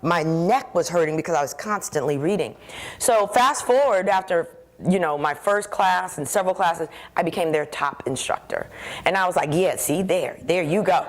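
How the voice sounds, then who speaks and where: A woman speaking into a stage microphone at a conference keynote, her voice sitting a little low. She tells her story with animated energy and acts out the voices in her head. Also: normal speed.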